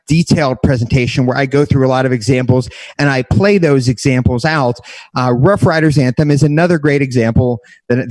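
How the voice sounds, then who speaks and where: A man's voice: a little high, dry recording. Man giving a DJ presentation, dry sound. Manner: earnest, conversational, self-correcting. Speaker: DJ educator. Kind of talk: educational presentation.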